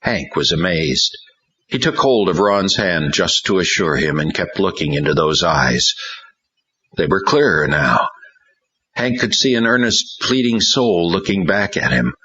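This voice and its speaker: A man's voice: low voice, lively intonation, unhurried, sharp tone, breathy edge. A man narrating a spiritual audiobook, telling the story in a dramatic way. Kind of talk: scripted narration. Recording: dull lo-fi recording.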